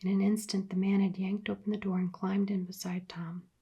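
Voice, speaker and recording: A woman narrating an adventure book in a soft-spoken ASMR reading, hushed and partly whispered. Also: mid-range voice, level tone, brisk, breathy edge, dull audio.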